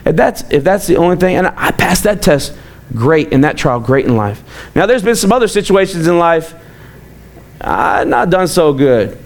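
A man in his thirties preaching a sermon as a pastor, telling personal stories in an animated way with frequent restarts. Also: a little high, normal speed. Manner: animated, storytelling, repeats words.

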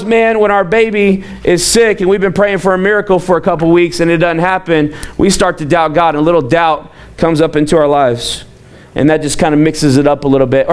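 High-voiced animated male pastor. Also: smooth. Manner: animated, storytelling, repeats words. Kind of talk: sermon.

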